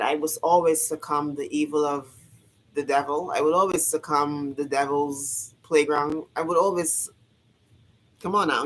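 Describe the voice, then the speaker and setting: A woman with a notably low voice talks straight to her viewers in a loose, motivational vlog. She hammers her points home by saying them again and again, preaching and swearing casually as she goes. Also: a little hiss or hum, poor audio. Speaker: vlogger.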